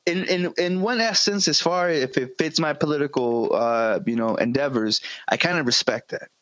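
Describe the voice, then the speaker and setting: A man's voice: fairly high pitch, moderate pace, fairly bright tone, dry recording. Man, podcast co-host, crude rambling banter, dry dull-sounding audio. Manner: profane, rambling, jokey.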